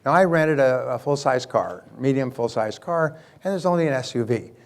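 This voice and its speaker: A man's voice: mid-range voice, moderate pace. Man telling a seminar story. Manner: lively storyteller, frequent restarts. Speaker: business speaker and sales coach. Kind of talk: seminar talk with anecdotes.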